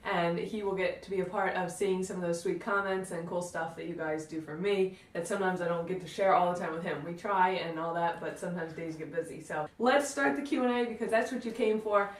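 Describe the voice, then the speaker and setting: A woman's voice: lowish voice, fairly even intonation, fairly quick, few pauses, distant mic. A bubbly young woman co-hosting a family vlog in casual chat, with a lot of "like" fillers. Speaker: vlog co-host. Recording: roomy sound from off-mic.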